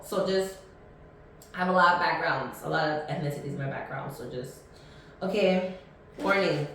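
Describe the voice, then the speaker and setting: A woman's voice: sits low, normal speed, pauses often, fairly bright tone. A woman of thirty hosting a casual solo podcast, chatty and blunt, rambling with many ums and restarts. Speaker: podcast host. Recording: echoey room, mic at a distance.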